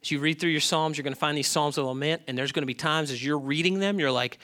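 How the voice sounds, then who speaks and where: A male pastor preaching a sermon in an animated way, often putting questions to the congregation. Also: fairly high pitch, fast, few pauses.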